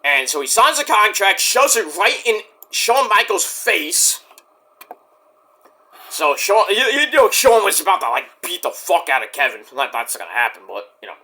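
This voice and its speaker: A man casually recapping a wrestling show, swearing freely and acting out the wrestlers' lines in loud put-on voices. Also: sits high, big pitch swings, normal speed. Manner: profane, acts out quotes in big shouted voices.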